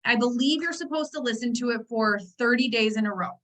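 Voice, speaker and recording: A high-pitched woman leads a motivational team training over a video call. She talks in a chatty, animated way and keeps breaking off into asides to her listeners. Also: a little fast, poor audio. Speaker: network marketing team trainer.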